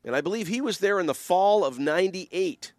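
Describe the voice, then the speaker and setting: Man, minister, earnest, emphatic, rambling, high pitched, lively intonation. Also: brisk, dry recording, clean studio sound. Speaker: minister giving a talk. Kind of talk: casual spoken reflection. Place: lives in the Ottawa region.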